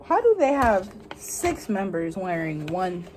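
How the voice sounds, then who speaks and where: A woman's voice: on the low side, very animated, slow, darkish tone, a little hiss or hum. A young woman unboxing an album on camera, squealing, gasping and gushing with fangirl outbursts. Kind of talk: excited unboxing commentary.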